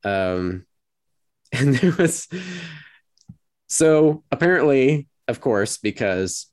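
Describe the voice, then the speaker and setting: A man hosting a casual podcast chat, animated and putting on mocking voices when he retells quotes. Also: medium pitch, very slow, no echo, studio quality. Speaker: podcast host.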